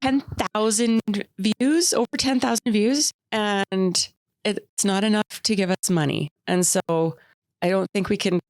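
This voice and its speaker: A woman's voice: mid-range voice, measured pace, no room sound. A woman in her thirties from Canada, co-hosting a casual chat podcast and telling stories with frequent laughter. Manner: chatty storyteller, laughs often. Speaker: podcast co-host.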